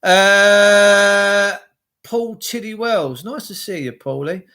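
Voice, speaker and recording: This is a man with a fairly high voice, chatting on a live stream in a loose, meandering way. He greets viewers one by one, swears freely and wanders off on tangents as he reads their comments. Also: slow, sharp tone. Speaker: livestream host. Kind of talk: rambling live-stream chat.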